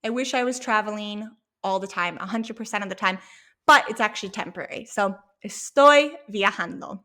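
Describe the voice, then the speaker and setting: A woman teaching an online language lesson from home, sounding out each word slowly and checking in with "okay?". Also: mid-range voice, sharp tone. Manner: slow, drawn-out demonstration of words with frequent "okay?" checks. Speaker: Spanish teacher.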